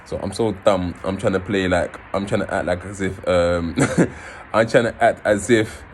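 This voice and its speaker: A man, casually telling his own story in an animated way, swearing and acting out scenes. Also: deep voice, moderate pace, slight background noise. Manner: animated, swearing, acts out scenes in raised voices.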